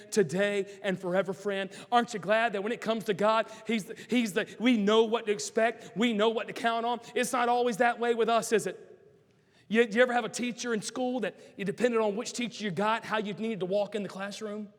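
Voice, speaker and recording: A middle-aged man, preaching a sermon with passion, swinging from loud, shouted lines down to hushed ones. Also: steady tone, normal speed. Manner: impassioned, rising to shouts then dropping low. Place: large church sanctuary. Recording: long hall reverb.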